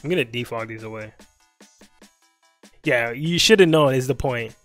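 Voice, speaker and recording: A man's voice: mid-range voice, moderate pace, fairly bright tone, no echo, faint music behind. A young man streaming, casually telling a story in slangy talk, laughing often and acting out both sides of the conversation.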